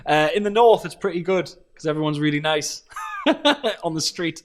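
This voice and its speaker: A man, chatting as a guest comedian in an energetic, jokey way. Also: on the high side. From north of England. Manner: energetic, jokey, quick-talking. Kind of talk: casual chat.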